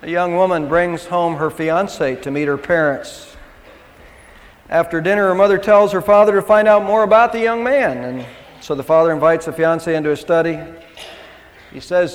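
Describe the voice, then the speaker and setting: A man's voice: a little high, normal speed, in a large hall. A middle-aged male pastor preaching a sermon in a conversational way, with asides and restarts.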